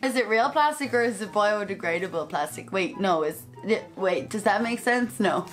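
A woman's voice: mid-range voice, lively intonation, moderate pace, faint music behind. An Irish woman vlogging in a casual, chatty way, often giggling, tripping over her words and correcting herself. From Ireland. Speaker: YouTube vlogger.

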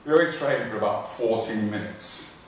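A man's voice: fairly low pitch, moderate pace, slight background noise. A man, a fitness trainer, giving an informal live talk to an audience, repeating himself and restarting sentences, getting out of breath while he exercises. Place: large echoey hall in front of an audience. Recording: echoey hall recording from far off.

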